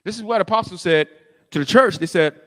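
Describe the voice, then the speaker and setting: A man preaching a sermon as pastor, telling the story in animated fashion, acting out the scene and rising to shouts. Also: high-pitched, fast, in a large hall.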